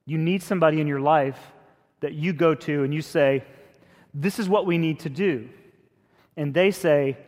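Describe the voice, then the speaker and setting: A man's voice: moderate pace, a little mellow. Man preaching in a reverberant hall. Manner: conversational preaching, rises in pitch and force when emphatic. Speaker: pastor. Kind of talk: sermon.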